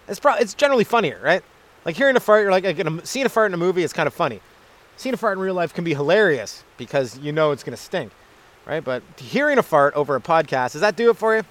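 A man's voice: on the high side, fairly bright tone. A young man hosting a rambling solo comedy podcast, crude and self-deprecating, acting out little voices in his asides. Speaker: stand-up comedian, podcast host. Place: outdoors at a maple syrup camp.

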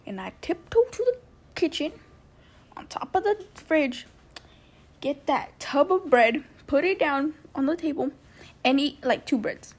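A woman's voice: high voice, expressive, unhurried. A young woman telling a personal story on her podcast in a loose, rambling way, full of "like" and acted-out quotes. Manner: rambling, heavy use of "like", acts out quotes. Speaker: podcast host.

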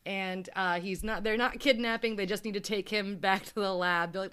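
Female podcast co-host, conversational recap, animated, laughs easily, mimics characters. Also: mid-range voice, brisk, few pauses, smooth. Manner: animated, laughs often, acts out characters' lines. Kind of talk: casual movie recap chat.

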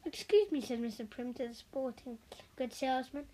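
A woman reading a children's picture book aloud, expressive, with occasional slips. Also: fairly high pitch, moderate pace, poor audio. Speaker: storyteller. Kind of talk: children's story read aloud.

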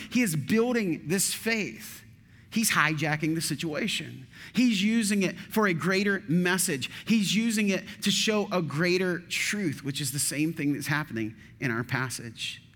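Man preaching, fairly high voice, conversational, asks the room questions, reads scripture, dry sarcasm. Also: lively intonation, unhurried, a bit bright, big-room sound. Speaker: teaching pastor. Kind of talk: sermon.

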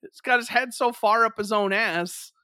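An excitable man co-hosting a podcast, telling stories with lots of swearing and laughter. His voice is high and bright. The recording is dry and close. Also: normal speed, clear, resonant tone, no room sound. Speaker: podcast co-host. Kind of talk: casual chat, animated storytelling.

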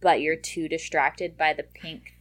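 Woman podcast co-host, fairly low voice, wry blunt humor, casual swearing. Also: steady tone, unhurried, a bit bright. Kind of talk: casual chat.

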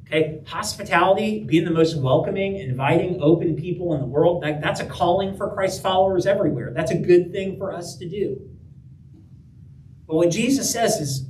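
A man preaches in a casual, animated way, often checking in with his listeners. His voice is fairly high for a man. He sounds set back from the mic in an echoing church hall, with faint ambient noise behind him. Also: normal speed. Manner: conversational and animated, with frequent "right?" and "okay?". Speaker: pastor. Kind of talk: sermon. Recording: echoey room, heard from a distance.

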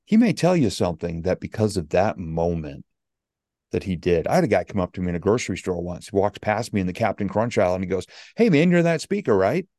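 A man's voice: low voice, fast talker, no echo, clean studio sound. A man who is a motivational speaker, telling stories animatedly as a guest in a casual interview. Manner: animated storyteller acting out quotes.

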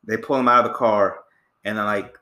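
A man's voice: lowish voice, steady tone, a little fast, pushed and bright, reverberant. A man hosting a podcast, chatting casually about a movie and acting out scenes with quoted voices. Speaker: podcast host.

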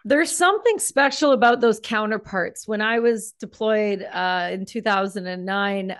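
A woman's voice: mid-range voice, moderate pace, fairly bright tone, smooth, no echo. A woman in a mid-range voice hosts a casual interview. She speaks earnestly and reflectively before asking her guest a question. The recording is dry and close. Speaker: podcast host, veteran.

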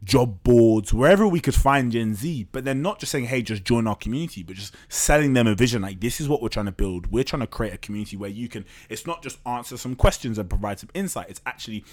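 A man's voice: medium pitch, expressive, fast talker, hardly any pauses, a little mellow. A man, a startup co-founder, talking openly and casually as a podcast guest, with loose slang and the odd swear. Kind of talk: candid podcast conversation.

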